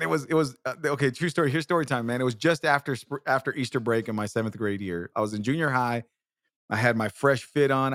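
A man's voice: mid-range voice, fairly bright tone, no room sound, clean studio sound. A man hosting a show, telling comic stories in a rambling, profane way with many restarts. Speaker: show host. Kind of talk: comedic storytelling.

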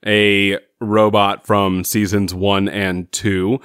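A man with a fairly low voice talks through a TV episode in a relaxed, wry way. He laughs easily as he chats. The sound is dry and close, with little room around it. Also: slow pace, smooth, no echo. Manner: chatty, wry, laughs often. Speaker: podcast co-host. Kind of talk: casual chat reviewing a TV episode.

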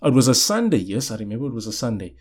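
A young male vlogger with a medium-pitched, husky, slightly mellow voice talks very fast and very animatedly. He tells viewers a story casually, rambling and restarting sentences over and over while repeatedly asking "you know what I'm saying."

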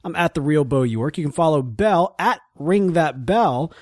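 A man's voice: a little high, lively intonation, normal speed, darkish tone, no echo, studio quality. A man co-hosting a casual podcast, joking around and reading out show plugs. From American South. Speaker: podcast co-host. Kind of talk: casual chat.

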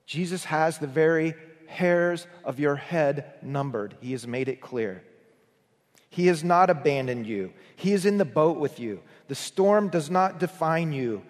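A man's voice: a little high, lively intonation, measured pace. Earnest male preacher in a reverberant hall. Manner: earnest, swells for emphasis then drops to a hush. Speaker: pastor. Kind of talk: sermon.

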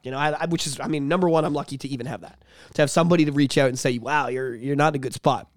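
High-voiced profane man chatting on a podcast. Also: fast, dry recording. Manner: profane, animated, laughs often. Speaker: podcast co-host. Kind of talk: casual podcast chat.

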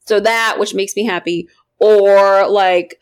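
A woman's voice: medium pitch, fairly even intonation, takes it slowly, clear, resonant tone. A woman co-hosting a podcast in casual chat, chatty and swearing freely, with many fillers and laughs. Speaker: podcast co-host.

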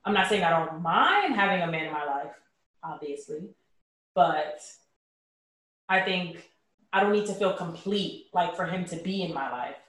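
A woman explaining her view in a casual group discussion, reflective with many "um" pauses. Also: fairly low pitch, lively intonation, fairly bright tone. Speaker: discussion participant. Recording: echoey room, far from the mic.

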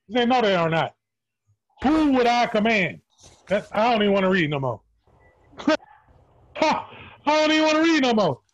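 High-voiced joking man on dull call audio. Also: a bit bright, no room sound. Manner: joking, chatty. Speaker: group member reading aloud. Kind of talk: casual group chat.

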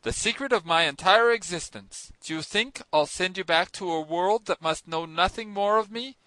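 A man reading an audiobook, voicing a stern, mysterious sea captain who speaks in a cold, commanding, measured way. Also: high voice, bright, forceful tone, dry recording, low-quality recording. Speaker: narrator voicing characters.

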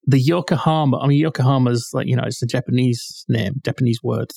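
A man co-hosting a relaxed podcast, heard close and dry with no room around him. He talks in a chatty, explanatory way and is precise about what words mean. His voice sits in a middle register. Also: medium pitch, fast talker, creaky, breathy edge, dry recording. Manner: explanatory, pedantic about word meanings. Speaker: podcast co-host. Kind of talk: casual chat.

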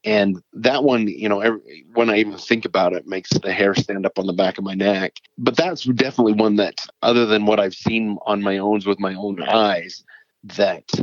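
A man's voice: on the low side, fairly even intonation, moderate pace, dry recording. A middle-aged man from Utah, a paranormal author, telling his stories in a casual, earnest and rambling way as an interview guest. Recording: dull lo-fi dry sound.

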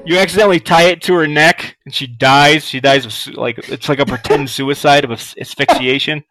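A man's voice: on the high side, fairly even intonation, brisk, bright, forceful tone, poor audio. A man co-hosting a podcast in crude casual chat, telling stories and acting out both sides of conversations with frequent laughs. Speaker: podcast co-host.

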